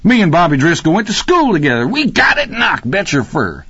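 A man voicing a crude, rowdy, cackling middle-aged man with a high, yelping voice and backwoods slang. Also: expressive, normal speed, no room sound, close to an everyday voice. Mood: gleeful yelling. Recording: dry, slightly muffled recording.

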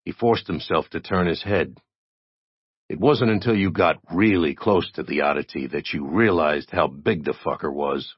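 A man reading a story aloud in a steady, expressive narration. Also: low-pitched, normal speed, husky, dry recording, dull audio. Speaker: audiobook narrator. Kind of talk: scripted narration.

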